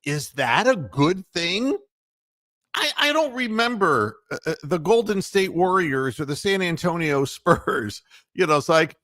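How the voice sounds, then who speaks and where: Man, sports podcast host, rambling, heated, animated pitch, dry sound. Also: a little slow, dry recording. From Ohio. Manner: rambling, heated, full of fillers and mocking quotes. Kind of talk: casual sports talk.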